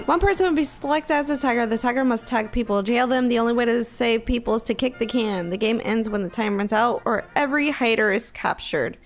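A woman giving casual gameplay commentary, excitable, gasping and shrieking at scares and laughing often, and reading riddles aloud slowly. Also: a little high. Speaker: gaming video creator. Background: game music.

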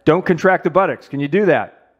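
A man's voice: on the high side, a little fast, husky, muffled recording. A man coaching an exercise demonstration as a fitness instructor, playful and jokey as he talks the model through each move.

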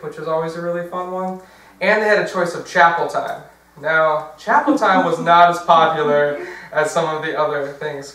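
A young diocesan workshop presenter gives a chatty, casual talk in a large church hall, using fillers and correcting himself. His voice is fairly high and bright, captured from far off in a very echoey recording.

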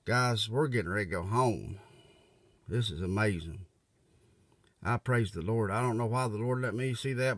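A man's voice: mid-range voice, dry recording. A man talking casually and earnestly to his viewers, rambling, repeating himself and urging them to get right with God. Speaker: religious video maker. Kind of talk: casual religious video talk. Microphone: tablet mic.

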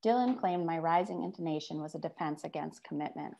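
A woman author reading her own fiction aloud in a measured first-person voice. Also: deep voice, vocal fry, dark tone.

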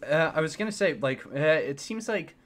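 A man's voice: fairly high pitch, expressive, moderate pace. A man interviewing casually, rambling with many fillers and restarts. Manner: rambling, lots of likes and restarts, laughs easily.

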